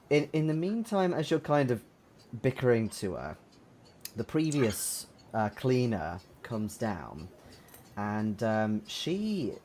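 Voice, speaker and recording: A man narrating as game master in a tabletop horror game, halting with fillers as he describes scenes and plays side characters. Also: mid-range voice, a little mellow, a little hiss or hum.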